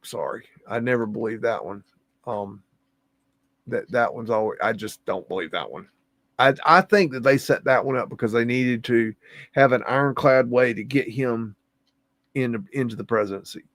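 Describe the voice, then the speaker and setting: This livestream host talks to himself while looking at photos, hums between remarks, and is readily impressed. He speaks at a moderate pace in a medium pitch with a slightly bright tone, and there's no room sound.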